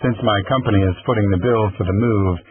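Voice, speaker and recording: A man's voice: on the low side, a little fast, husky, no echo. A male audiobook narrator voicing a wealthy, composed, possessive man who speaks coolly and with assurance. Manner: cool, assured. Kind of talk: audiobook reading. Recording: tinny phone-like lo-fi recording.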